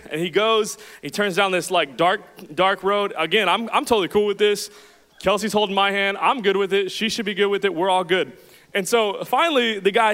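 A young man preaching to a congregation, telling a rambling, self-deprecating story in a chatty, animated way. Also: high voice. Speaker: pastor. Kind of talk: sermon with storytelling. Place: church hall with audience. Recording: reverberant hall.

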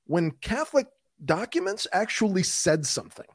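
A man co-hosting a podcast whose pitch swings widely as he talks. His voice sits on the high side for a man, and he delivers his opinions with animated emphasis. The sound is close and dry. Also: normal speed, slightly rough, no room sound. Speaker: podcast co-host. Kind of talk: casual chat.

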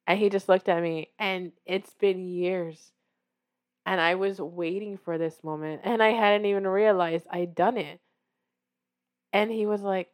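A woman's voice: medium pitch, fairly even intonation, unhurried. A woman author hosting her own show, talking casually and encouragingly to the listener and acting out her own reactions as she tells her story. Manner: warm, encouraging, directly addressing the listener. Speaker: author and podcast host. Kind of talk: casual motivational talk.

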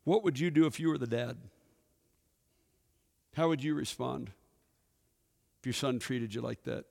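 A pastor giving a sermon, telling a story and putting questions to the congregation. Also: male voice, mid-range voice, a little slow, creaky, darkish tone. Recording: echoey hall with long reverb.

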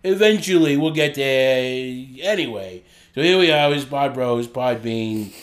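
Dude doing a boston accent, loud and rambling, goofing around. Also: male voice, mid-range voice, lively intonation, measured pace, close to an everyday voice. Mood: boisterous. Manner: loud, boisterous bit.

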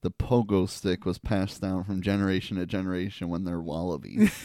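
A man's voice: low voice, steady tone, fairly quick, dark tone. A man co-hosting a podcast in casual chat, laid-back and mostly chiming in with short agreeing replies. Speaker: podcast co-host.

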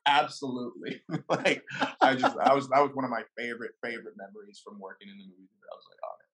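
A man with a middle-pitched, everyday voice tells a story in an easy, casual way. He laughs often and acts out the quoted lines as he goes. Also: very fast, a bit bright. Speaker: guest.

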